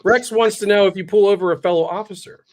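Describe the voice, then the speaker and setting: A man's voice: high voice, fairly even intonation, fast, darkish tone. A man hosting an interview, chiming in with short supportive comments. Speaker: host. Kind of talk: casual interview chat.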